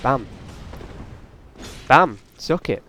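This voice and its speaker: A man's voice: mid-range voice, lively intonation, very slow, sharp tone, slight background noise. Chatty man doing let's play commentary. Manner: casual, rambling, taunts enemies on screen. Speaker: gaming channel host.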